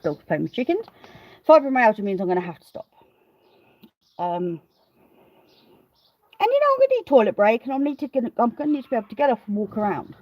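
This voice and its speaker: This smallholder vlogger speaks in a rather high, very animated voice, brisk but broken by long pauses. She's live-streaming from outside beside her car, chatting and rambling, laughing a lot and greeting viewers by name. The audio is dull, with no echo.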